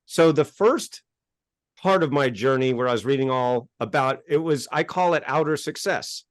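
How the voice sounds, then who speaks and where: Animated man telling his story, dry sound. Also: mid-range voice, moderate pace, no echo. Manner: animated, gets worked up and acts out exchanges. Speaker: interview guest, self-help author. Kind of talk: casual interview storytelling.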